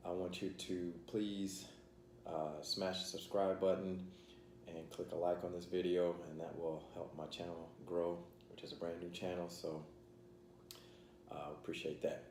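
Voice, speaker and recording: A man's voice: low voice, flat delivery, a little slow, a little mellow. A man hosting a casual vlog, rambling with many fillers while he eats his meal. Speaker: channel host. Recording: echoey room, faint background noise.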